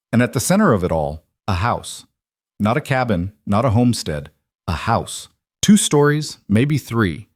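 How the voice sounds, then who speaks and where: Male audiobook narrator for a frontier tale, low, measured, dry close mic. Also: no room sound. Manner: steady, measured storytelling.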